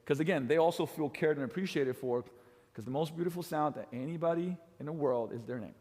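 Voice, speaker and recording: Energetic man coaching in a hall. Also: quick pace. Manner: emphatic, swings pitch and loudness for effect, keeps asking "right?". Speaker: fitness coach teaching trainers. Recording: large hall with long reverb.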